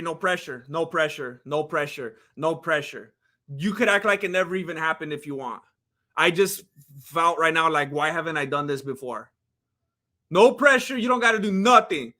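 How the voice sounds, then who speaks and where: A young man commentating a live stream, talking to his chat in a hyped, excitable way with frequent laughs and shouts. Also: sits high, fairly quick.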